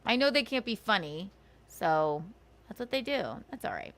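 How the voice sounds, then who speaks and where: Animated woman ranting sarcastically on stream. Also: mid-range voice, moderate pace. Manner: sarcastic, profane, laughing; indignant, scolding. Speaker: livestream host. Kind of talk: ranting livestream chat.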